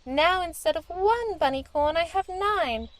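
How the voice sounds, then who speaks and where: A woman voicing a kind, gentle young princess in a children's story, speaking in a sweet, earnest way. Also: very high voice, expressive, unhurried, no echo, voice pushed up.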